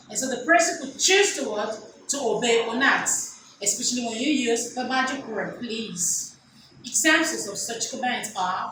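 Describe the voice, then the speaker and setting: A woman's voice: fairly high pitch, heavy reverb, distant mic, background noise. A woman teaching an English lesson in a classroom style, asking rhetorical questions and answering them herself. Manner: repeats examples slowly.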